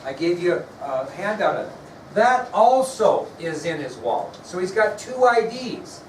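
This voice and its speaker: This history teacher speaks at a moderate pace, his slightly high male voice carrying a casual, chatty lecture as he often makes sure the class is following. The mic sits far away in an echoey room, and faint noise lies beneath.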